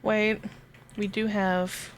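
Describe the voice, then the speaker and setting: A woman streaming a game live, chatting casually to her viewers, giggling and swearing as she gets excited. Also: medium pitch, drawn-out words, faint music behind.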